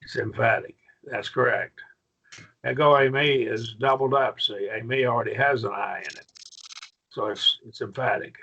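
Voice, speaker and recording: A man's voice: medium pitch, moderate pace, gravelly, sharp tone, breathy edge, lo-fi sound. A man teaching a Greek grammar class in a patient manner, often checking in with his students. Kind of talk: classroom lesson.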